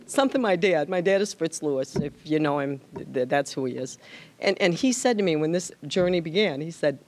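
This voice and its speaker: A woman giving an emotional tribute speech at an awards dinner, tearful, halting and repeating words as her voice rises. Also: on the low side, animated. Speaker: tribute speaker.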